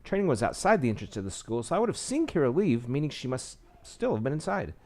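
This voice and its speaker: A man's voice: mid-range voice, sing-song, fast, a little mellow. A man reading a visual novel aloud, with small slips and asides, saying he is losing his voice. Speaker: game narrator.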